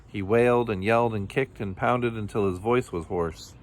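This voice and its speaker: A man reading a children's picture book aloud in a gentle, expressive way. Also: fairly low pitch, normal speed. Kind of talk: storybook read-aloud.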